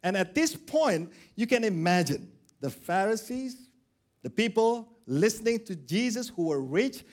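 A man's voice: sits high, measured pace. A male pastor preaching a sermon, acting out the characters of a parable. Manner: animated, acts out characters.

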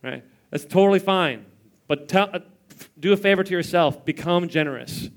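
A man's voice: high-pitched, normal speed. A man in his thirties preaching a sermon in church, telling stories with playful mimicry and chuckles. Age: 30s. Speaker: pastor.

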